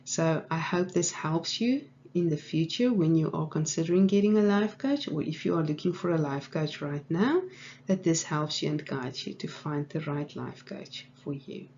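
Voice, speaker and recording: A woman, a life coach telling a teaching story in a relaxed way with fillers. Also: deep voice, creaky. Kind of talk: storytelling lesson to camera. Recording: dull audio, faint hum.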